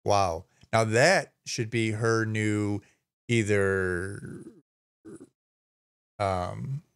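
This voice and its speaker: A man with a slightly low voice chats casually on a live stream. He reads news aloud and rambles, stumbling over names and swearing now and then. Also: gravelly, clear, resonant tone. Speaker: streamer host.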